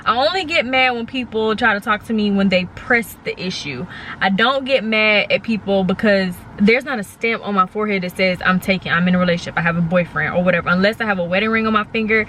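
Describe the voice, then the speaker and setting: A woman's voice: medium pitch, brisk, a little hiss or hum. A young woman vlogger telling a story in a chatty, casual way, with plenty of fillers along the way. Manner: chatty, animated retelling with lots of fillers.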